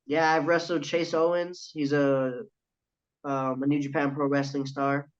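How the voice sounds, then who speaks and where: A young man tells a story on a casual podcast, eagerly acting out the other people in it and swearing freely. His voice sits a bit high. The recording sounds dull and lo-fi. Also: little pitch movement, measured pace. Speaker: guest, professional wrestler. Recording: dull lo-fi audio.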